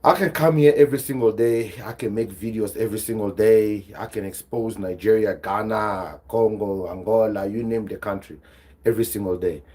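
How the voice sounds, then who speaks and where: A South African man hosts a livestream podcast, talking animatedly to viewers he calls "guys," laughing and reading out their chat. His voice is fairly low and his speed normal.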